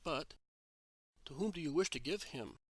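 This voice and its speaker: A man's voice: a little high, animated, normal speed, no echo, clean studio sound. A man reading the lines of an eager male disciple who asks insistent questions. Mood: curious.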